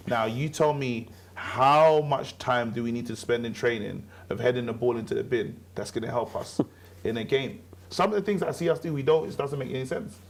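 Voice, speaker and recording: A man's voice: medium pitch, normal speed, noisy background. A man co-hosting a casual football chat, talking with passion and repeating his points for emphasis. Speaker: co-host.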